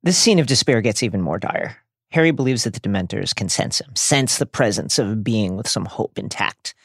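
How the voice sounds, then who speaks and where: A man co-hosting a podcast, recapping a book with animated, outraged commentary. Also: fairly low pitch, a little fast, vocal fry, dry recording, clean studio sound. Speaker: podcast co-host.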